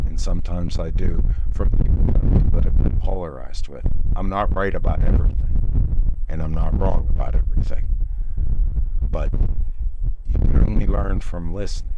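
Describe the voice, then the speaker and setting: Older man, barber, low deep voice, opinionated rambler, noisy shop recording. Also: dull audio. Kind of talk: casual interview. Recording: noisy background.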